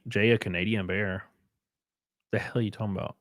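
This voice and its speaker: A man hosting a casual live stream, joking crudely and thanking viewers by name, jumping from loud outbursts to quiet muttering. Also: on the low side, steady tone, brisk, no echo, clean studio sound. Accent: Southern American. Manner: crude, joking, reads and thanks super chats aloud. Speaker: livestream host.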